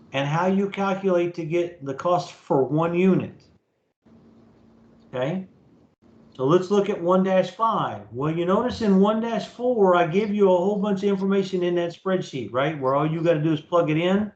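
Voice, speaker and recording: High-pitched guy professor on a recorded online class, keeps saying okay?, echoey and a bit muffled. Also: moderate pace, a little mellow. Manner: casual, repeats "okay?" to check understanding. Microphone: computer mic in a video meeting. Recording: roomy, dull lo-fi meeting recording.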